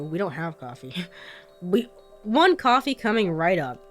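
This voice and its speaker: A woman who is sick talks through a game in a relaxed, unhurried way, drifting between mutters and fillers. Her pitch sits low but moves around expressively. Faint music plays underneath. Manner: laid-back, mumbling with fillers. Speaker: let's play streamer. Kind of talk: casual gameplay commentary.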